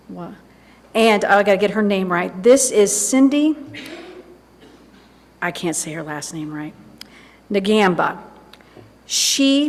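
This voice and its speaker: Chatty woman minister in echoing church. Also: mid-range voice. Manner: chatty, animated, laughs and asides to herself. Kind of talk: informal sermon. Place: church sanctuary. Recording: long reverb of a church hall.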